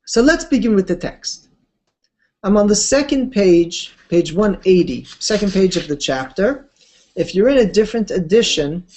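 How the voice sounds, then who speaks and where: A woman giving a Torah class, telling stories in an unhurried, conversational way with expressive swings of pitch and casual asides. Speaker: Torah teacher. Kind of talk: Torah class lecture with storytelling.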